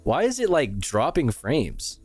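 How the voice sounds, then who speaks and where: A man's voice: medium pitch, huge pitch swings, unhurried, a little mellow, soft background music. A man streaming live, chatting casually, thanking viewers and reacting to videos with swearing and laughs.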